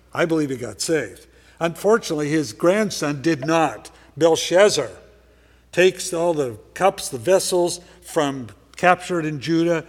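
A man preaching in a church sanctuary, his voice a bit high and ringing through a reverberant hall. He preaches conversationally and checks in often with "okay?" He moves between loud, stressed words and quiet asides. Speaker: pastor. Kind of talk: sermon.

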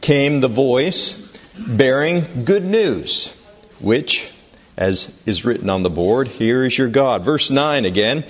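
A man teaching a Bible study in a classroom, speaking deliberately and reading scripture passages aloud with emphasis. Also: mid-range voice, animated. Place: classroom with a board.

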